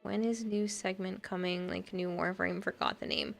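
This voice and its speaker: A woman's voice: lowish voice, steady tone, normal speed, creaky, faint music behind. A woman livestreamer chatting casually and rambling as she plays a game and reads out her chat, often breaking into laughter. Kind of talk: casual chat while gaming and reading chat.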